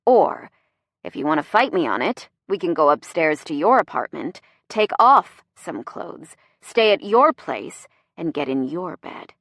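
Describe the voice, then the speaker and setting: A woman narrator voicing a cocky, bossy, flirtatious man, speaking low and gruff with a teasing edge. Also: big pitch swings, measured pace, a bit bright, no echo, studio quality, exaggerated voice. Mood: commanding.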